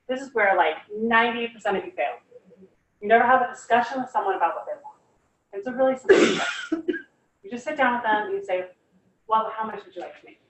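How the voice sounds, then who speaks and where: A woman's voice: a little high, a little hiss or hum. Chatty young woman in an echoey room. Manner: enthusiastic, chatty, fillers like "like" and "you guys". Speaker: guest speaker. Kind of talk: casual motivational talk. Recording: echoey room, far from the mic.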